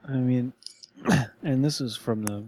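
A man's voice: medium pitch, slow, dark tone, a little hiss or hum. A man telling a story in casual podcast chat, rambling and restarting often with lots of fillers.

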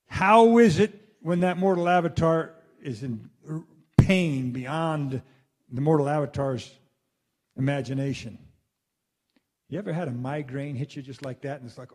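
A man delivering a rambling spoken monologue to listeners, animated and swearing freely, acting out exclamations as he goes. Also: a little high, a little slow. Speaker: speaker addressing his listeners.

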